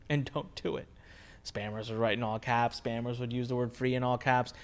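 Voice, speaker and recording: A man teaching a recorded course lesson on marketing, talking in an energetic, conversational way, stressing his points and asking rhetorical questions. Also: mid-range voice, normal speed. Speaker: online marketing instructor.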